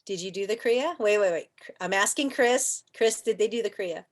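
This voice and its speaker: A woman teaching a yoga class online, chatty and playful, asking rhetorical questions and at times softly chanting. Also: medium pitch, normal speed. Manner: soft chanting and whispering at times.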